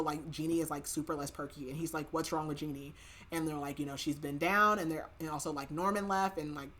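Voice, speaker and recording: A woman's voice: low-pitched, fairly bright tone. A woman hosting a podcast, casually retelling a novel's plot in a chatty way, quoting the characters' lines and filling her speech with "like". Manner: chatty, filler-heavy retelling with quoted dialogue. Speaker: podcast host. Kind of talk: casual book recap.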